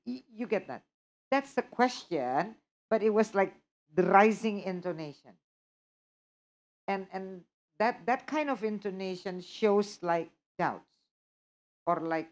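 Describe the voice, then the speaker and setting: A woman instructor, answering audience questions in a live workshop and checking often that she is understood. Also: medium pitch. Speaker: test preparation instructor.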